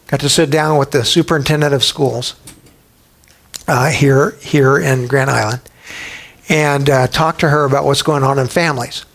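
A man's voice: mid-range voice, steady tone, moderate pace, creaky, fairly bright tone. A man preaching a sermon as pastor, speaking emphatically and firing rhetorical questions at the congregation.

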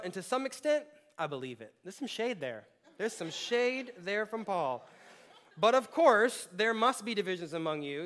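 A male pastor giving a sermon in a conversational, animated way, with playful asides to the congregation. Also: sits high.

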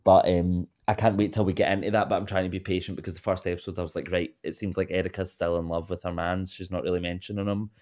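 A very deep-voiced man chatting casually as a podcast co-host. He talks in a gossipy, animated way, leaning hard on the juicy bits. His voice stays low and rumbling throughout. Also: fast talker, few pauses. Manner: chatty and gossipy, lively swings of emphasis. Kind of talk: casual chat.

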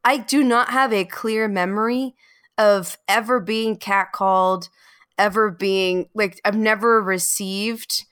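A woman co-hosts a podcast, chatting frankly and casually. Her medium-pitched voice is fairly bright, clear and resonant, with fairly even intonation and an unhurried pace. The recording is dry and studio-clean.

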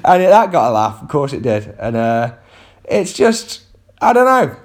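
A man, a comedian talking into a close podcast mic and spinning a rambling story about a gig. His delivery is self-mocking, full of wry asides, and his voice sits at an everyday middle pitch. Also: big pitch swings, a little slow. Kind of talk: casual comic monologue.

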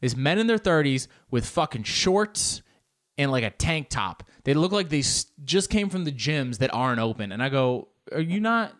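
A young man delivering a profane, animated comic monologue, acting out bits in high put-on voices. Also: normal speed. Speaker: comedian. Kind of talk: stand-up style comic monologue.

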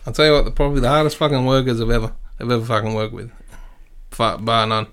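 A man's voice: mid-range voice, flat delivery, quick pace, a bit bright, clean tone. Laid-back Australian man, mid voice. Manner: laid-back, swears, says mate. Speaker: podcast guest. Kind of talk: casual podcast banter.

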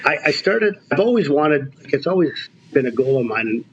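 A man in his sixties, a veteran basketball coach, telling stories in an animated, emphatic way during a casual interview. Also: mid-range voice, brisk, muffled recording. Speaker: basketball coach, podcast guest.

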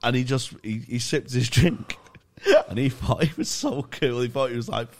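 Comedian, effing and blinding through a story, normal pitch. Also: male voice, moderate pace. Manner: sweary, laughing storyteller. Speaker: stand-up comedian. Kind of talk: casual podcast chat.

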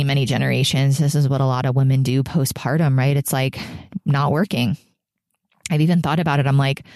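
Low-voiced woman musing candidly. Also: darkish tone, no room sound, studio quality. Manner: candid, emotional, rambling with many fillers. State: pregnant. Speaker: podcast host. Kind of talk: reflective solo podcast.

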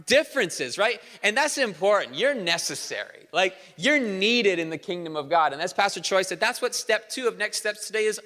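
A man preaching a sermon in a church, energetic and conversational, with humor. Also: high-pitched, normal speed, few pauses, in a large hall. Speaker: pastor. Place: church auditorium.

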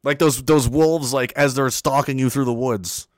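A man hosting a livestream talk show, reading viewer messages aloud in a casual, animated and profane way. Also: medium pitch, normal speed, no room sound, studio quality. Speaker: show host.

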